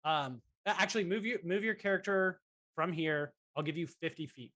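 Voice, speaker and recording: Male dungeon master, slightly high voice, relaxed and halting, dry close sound. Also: no echo. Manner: relaxed, halting, many fillers and restarts. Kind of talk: running a tabletop game.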